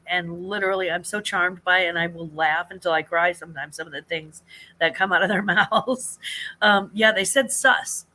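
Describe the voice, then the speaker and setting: An older woman, a grandmother, hosting a casual live chat, rambling warmly with many fillers, restarts and frequent laughs. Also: mid-range voice. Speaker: livestream host.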